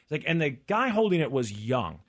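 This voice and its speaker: A man's voice: on the high side, brisk. A man co-hosting a casual podcast chat, telling a story and quoting the people in it. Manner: storytelling, quotes others in lively voices. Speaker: podcast co-host.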